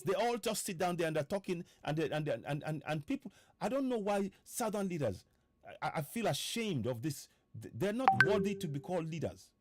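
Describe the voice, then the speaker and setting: Recorded dry, this political activist host has a Nigerian accent and a voice that sits high and sounds a little mellow. His online broadcast is impassioned, full of repeated rhetorical questions and stammered restarts.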